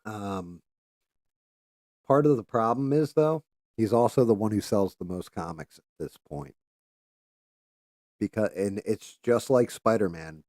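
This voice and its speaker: A man with a low, warm, mellow voice talks casually on a livestream, rambling from one thought to the next and swearing freely. He trails off now and then while busy with careful handwork at his desk. The sound is dry and close. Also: measured pace, pauses often, dry recording. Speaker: livestream host.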